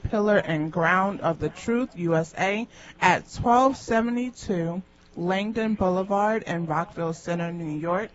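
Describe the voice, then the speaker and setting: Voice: mid-range voice, fairly bright tone. Radio co-host reading church announcements. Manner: careful reading with small hesitations. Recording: dull lo-fi radio broadcast.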